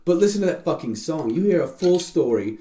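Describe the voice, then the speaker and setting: A man's voice: on the high side, brisk. A man from Tennessee, chatting casually and profanely on a podcast. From Tennessee, US South. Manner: rambling, profane, excitable. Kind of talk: casual chat. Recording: echoey room.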